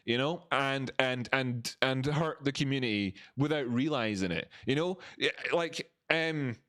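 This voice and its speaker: A man hosting a live stock-chart stream, ranting to his viewers with profanity and lots of repetition. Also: measured pace. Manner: animated, rising in pitch for emphasis; repeats phrases, talks to viewers as family. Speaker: livestream market analyst.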